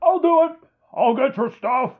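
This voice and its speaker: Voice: high voice, expressive, phone-quality sound. An actor voicing a dim, lonely beast-man henchman in a comedy audio play. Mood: pleading. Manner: slow and dopey.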